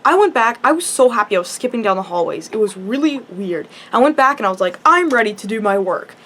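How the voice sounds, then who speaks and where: A woman's voice: on the high side, animated, quick pace, a bit bright. A teenage girl telling a personal story in a casual vlog, rambling and chatty with lots of "like" and restarts. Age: teens. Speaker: high school student.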